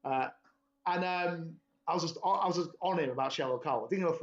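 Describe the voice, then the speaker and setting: A man's voice: on the high side, brisk. A young man, telling a rambling, sweary story in laddish podcast chat. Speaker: podcast host. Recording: dull lo-fi podcast audio.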